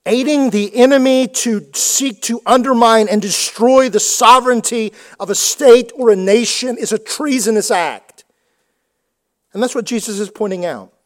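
High-voiced emphatic male preacher. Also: moderate pace. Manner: emphatic preaching, repeats words for stress. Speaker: pastor. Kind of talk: sermon.

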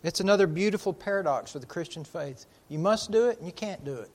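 Preaching a sermon, a man with a notably high voice speaks emphatically and with animation. He swells into loud declarations, then sinks almost to a murmur, slowing right down on the words he wants to land.

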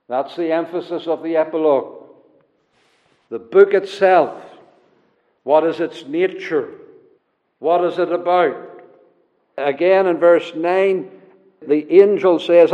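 A man preaching a sermon, slow and emphatic, repeating key words for weight. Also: high-pitched. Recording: dull lo-fi recording in a long-reverb hall.

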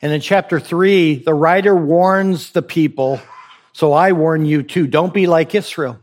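A man's voice: a little high, a little slow, darkish tone. Man preaching with rhetorical questions. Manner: exhorting, rhetorical questions, repetition for emphasis. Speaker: pastor. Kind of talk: sermon.

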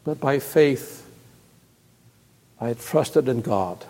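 Slow preaching man in an echoing hall. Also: mid-range voice, lively intonation. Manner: swings from hushed to loud and emphatic, repeats words. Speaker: pastor. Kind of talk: sermon. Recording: long reverb of a large hall.

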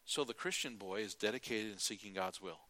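A middle-aged male preacher giving a sermon, telling folksy stories, acting out quotes and often clearing his throat. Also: fairly low pitch, brisk, bright, forceful tone, no room sound.

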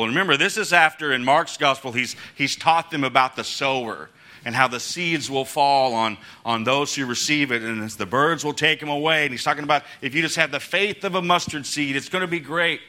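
Bright-voiced man preaching a casual sermon. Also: mid-range voice, fairly quick. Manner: conversational, chuckling asides, acts out quotes. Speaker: pastor.

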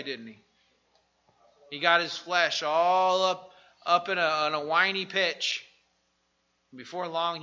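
A man preaching as a pastor, animated, moving from soft asides to loud outbursts, in a dull lo-fi church recording. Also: a little high. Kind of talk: sermon.

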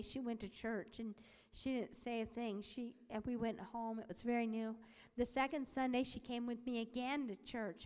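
Her voice a little high, a woman gives voice to a preacher's sermon and personal testimony. She narrates animatedly, plays out the quoted speakers, and at times falls to a whisper, all within long hall reverb.

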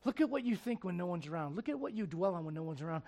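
A man preaching a sermon who swings between quiet, conversational asides and loud, emphatic exhortation, acting out the voices he quotes. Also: high-pitched, sing-song, rapid-fire, vocal fry. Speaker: pastor.

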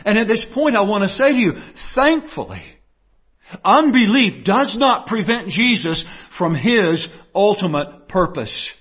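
A man's voice: high voice, big pitch swings, a little slow, breathy edge, highs cut off. A man preaching a sermon, emphatic, repeating key phrases and asking the listeners rhetorical questions.

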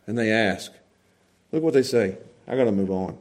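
A man preaching a sermon, animated, moving between quiet asides and loud, laughing bursts. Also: fairly low pitch, normal speed. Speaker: pastor.

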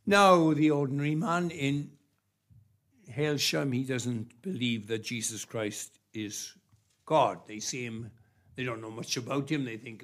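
Slow emphatic preacher. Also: male voice, mid-range voice, a bit bright. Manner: emphatic, repeating phrases with long pauses. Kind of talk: sermon.

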